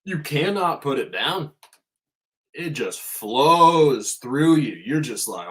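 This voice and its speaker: A man's voice: on the high side, big pitch swings, slow. A man hosting a podcast, giving a casual spiritual monologue in an emphatic way and swearing freely.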